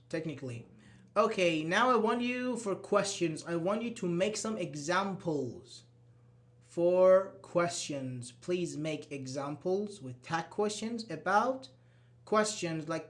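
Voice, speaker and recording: A man's voice: high voice, lively intonation, unhurried. A man teaching an English grammar class, patiently explaining and reading out example sentences, with frequent restarts.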